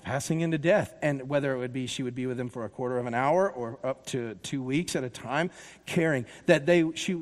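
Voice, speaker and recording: A male pastor preaching a sermon, passionate and rhythmic, shifting from loud repeated build-ups to quiet storytelling. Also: on the high side. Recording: long reverb of a large hall.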